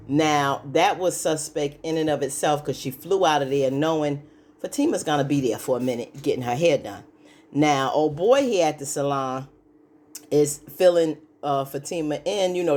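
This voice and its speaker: In a low, darkish voice at a measured pace, a recap host walks through a TV episode in a relaxed, talky way. "You know" crops up often, and she slips into acting out what the characters said.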